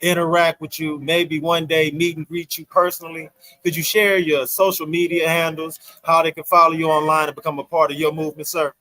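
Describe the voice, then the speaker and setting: Gracious co-host with a dry sound. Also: male voice, fairly high pitch, little pitch movement, a little fast, pushed and bright, dry recording, poor audio. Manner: gracious, thanks the guest a lot. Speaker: podcast co-host. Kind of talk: live show hosting.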